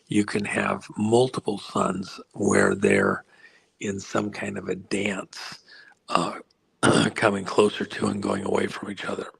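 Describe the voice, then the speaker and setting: Hoarse, gravelly-voiced man, slow rambling. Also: fairly low pitch, a bit bright, rough recording. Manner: frequent throat clearing and filler pauses. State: losing his voice, hoarse. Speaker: guest. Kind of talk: rambling explanatory interview answer.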